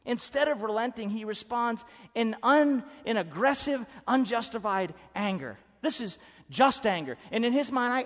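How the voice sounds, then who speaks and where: A man preaching a sermon as pastor, emphatic and swinging from loud to hushed. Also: extremely high pitch, animated, moderate pace, few pauses. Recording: preaching in a hall with long reverb.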